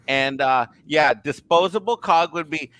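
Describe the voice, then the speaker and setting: A man's voice: fairly high pitch, a little slow, fairly bright tone, no echo. A man chatting as a panelist on a live pop culture show, joking around playfully. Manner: jokey, playful.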